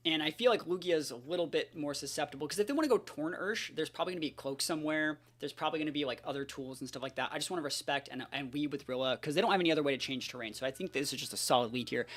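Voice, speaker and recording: A man's voice: on the high side, animated, very fast, hardly any pauses, fairly bright tone. A man giving live commentary on his own competitive game matches, hyped and full of slangy trash talk.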